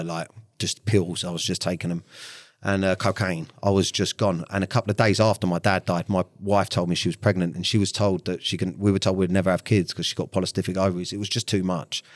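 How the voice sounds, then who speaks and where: A man's voice: low-pitched, dry recording, clean studio sound. A man, speaking as a podcast guest in a blunt, frank way, swearing freely and often stopping to restart his sentences. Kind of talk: candid interview talk.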